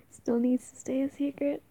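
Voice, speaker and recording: A woman's voice: high voice, dark tone, no echo, exaggerated voice. A young woman playing an affectionate, playful girlfriend in an audio role-play, giggling, teasing and stumbling over her words.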